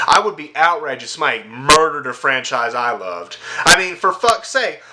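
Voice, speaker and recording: Young male gamer, angry sarcastic rant, profane, piercing bright tone, sits a bit high. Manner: angry, sarcastic, swears constantly, yells at peaks. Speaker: gaming vlogger. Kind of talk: profane gaming rant to camera.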